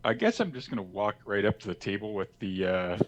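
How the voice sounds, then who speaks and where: A man playing a tabletop game, laid-back and quick to laugh as he describes his moves. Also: lowish voice, expressive, lo-fi sound. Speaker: player.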